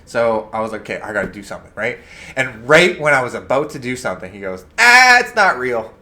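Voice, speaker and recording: A man co-hosting a casual talk show, telling a story with big swings between loud and quiet. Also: lowish voice, fast. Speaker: co-host. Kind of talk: casual chat.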